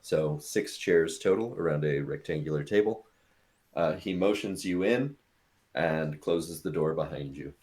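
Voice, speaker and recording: A man narrating as game master of a tabletop role-playing game, in a relaxed, casual way with many fillers. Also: extremely low pitch, unhurried.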